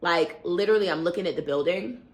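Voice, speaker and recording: A young woman vlogger telling a travel story in a lively, animated way, sometimes acting out other people's lines. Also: fairly low pitch, quick pace. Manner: animated, acts out voices and cries out while retelling. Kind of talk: storytime vlog, casual retelling. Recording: echoey room.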